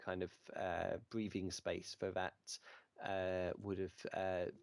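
A man answers a podcast interviewer in a low, level voice that rarely rises or falls. He hesitates often and leans on fillers and hedging words. The sound is dry and close, with little room around it. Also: completely flat delivery, slow, gravelly, no echo. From United Kingdom. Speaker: podcast guest, wrestling writer.

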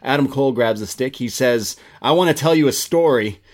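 A man co-hosting a casual wrestling review podcast, excitable, swearing and acting out what wrestlers said. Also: mid-range voice, a little fast. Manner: excitable, swears, acts out quotes. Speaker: podcast co-host.

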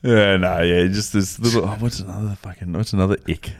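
A man's voice: low-pitched, steady tone, brisk, no room sound. A young Australian man co-hosting a podcast, chatting in a laid-back way and swearing freely. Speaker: podcast co-host. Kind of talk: casual chat.

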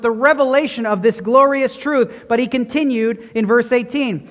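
A pastor preaching a sermon, earnest and emphatic, pressing hard on key words. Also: male voice, extremely high pitch, moderate pace, few pauses. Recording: dull sound with long hall reverb.

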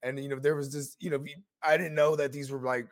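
A man's voice: mid-range voice, level tone, quick pace. Rambling man co-hosting a podcast. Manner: loose, rambling, keeps asking "you know what I mean". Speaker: podcast co-host. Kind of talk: casual chat.

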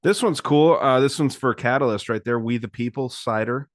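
A man on a podcast talking in a relaxed, joking way while he shows off beers. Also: medium pitch, moderate pace, no echo, clean studio sound. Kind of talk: casual chat.

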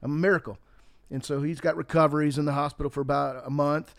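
A man's voice: on the high side, flat delivery, quick pace, vocal fry, no room sound, studio quality. A man on a talk show, telling a joke and talking politics in a folksy, emphatic way. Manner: folksy storyteller, emphatic, forceful when riled.

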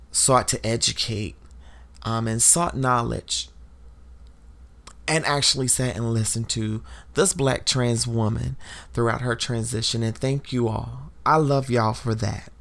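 A woman with a gravelly, creaky voice speaks on her podcast in a fired-up, preachy monologue. She presses her points hard and talks straight to her listeners, calling them y'all. Her emotion is audible as she goes. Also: a bass voice, steady tone, slow. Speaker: podcast host.

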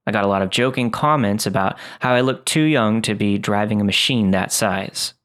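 A man reading first-person horror stories aloud in a steady, scripted narration. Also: lowish voice, moderate pace.

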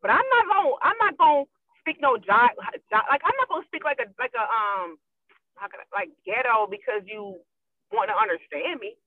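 A woman's voice: a little high, lively intonation, brisk, no echo. Emphatic woman on a tinny phone line. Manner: emphatic, repeats herself, gets loud. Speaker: guest. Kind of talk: casual chat.

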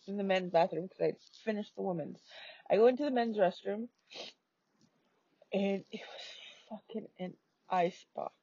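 A woman tells her own story at an unhurried pace, in a dark, gravelly voice with a husky edge. Her talk is casual and peppered with swearing and fillers. The recording sounds dull and lo-fi. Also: medium pitch, dry recording. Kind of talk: casual personal story telling.

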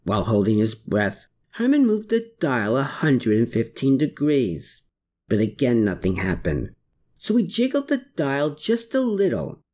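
Audiobook narrator, steady storytelling, lively pitch. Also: unhurried. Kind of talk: scripted narration.

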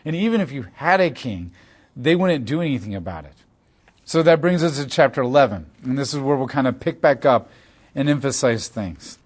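A man with a voice of ordinary middle pitch teaches through a scripture passage. He reads the verses aloud and then explains them in loose, everyday phrasing. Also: animated, moderate pace. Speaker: Bible teacher.

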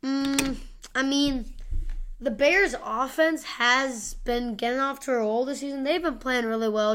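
A woman hosting a homemade sports-prediction podcast on her own. Her voice sits a touch high and sounds crisp and bright. She rambles from point to point, full of fillers and off-hand asides. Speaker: podcast host. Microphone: home podcast microphone with gain turned high.

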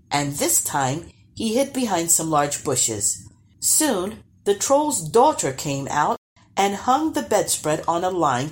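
A woman narrating a storybook aloud in an expressive, unhurried way. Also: on the low side.

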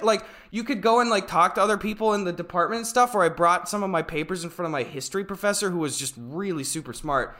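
A man's voice: sits high, fast talker, few pauses. A young man co-hosting a casual podcast, ranting animatedly and swearing. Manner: animated, swearing, rants loudly. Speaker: podcast co-host. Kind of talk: casual chat.

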